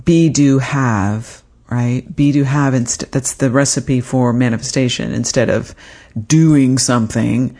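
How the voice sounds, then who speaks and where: A woman hosting a casual chat, lively and talkative as she goes through a list of tips. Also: a bass voice, measured pace, few pauses. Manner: animated, chatty, lists tips. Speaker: podcast host.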